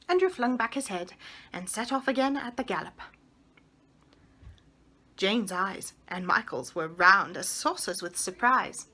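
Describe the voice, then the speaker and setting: A woman reading a children's book aloud in a measured, expressive storybook manner. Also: mid-range voice, slightly rough.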